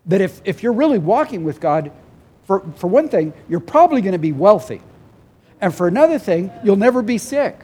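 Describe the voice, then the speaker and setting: A man's voice: high voice, very animated, brisk, a little mellow, breathy edge. A man preaching a sermon as a pastor, earnest and emotional, at times tearful, repeating phrases for emphasis. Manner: emphatic repetition, voices God and people in quotes.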